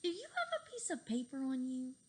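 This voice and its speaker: A woman voicing an excitable tiny young boy who yells urgent orders, read aloud from a storybook. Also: fairly quick. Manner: high, urgent, yelling.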